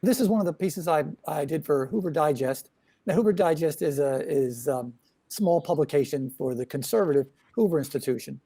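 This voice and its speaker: An older man, a guest cartoonist, chatting hesitantly with many pauses and restarts. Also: fairly high pitch, dark tone, husky. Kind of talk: casual panel chat.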